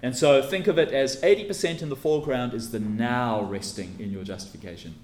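Male preacher, mid-pitched, teacherly, stresses key words, echoey room with faint ambience behind. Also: a little fast, a little mellow, slight background noise. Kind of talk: expository sermon.

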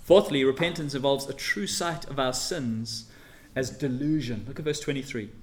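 A man preaching a sermon and reading scripture, earnest, swelling loud on key phrases and dropping soft for emphasis. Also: medium pitch, moderate pace.

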